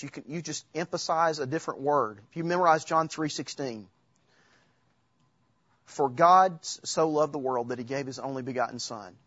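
A man's voice: mid-range voice, breathy edge, dry recording, muffled recording. A man giving an informal church teaching talk, quoting Bible verses from memory with frequent halts and restarts. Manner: halting, restarts while quoting Scripture from memory.

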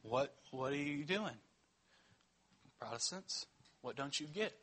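A man's voice: a little high, expressive, slow, fairly bright tone, husky. A man preaching a sermon as pastor, teaching in a conversational way and checking in with the congregation.

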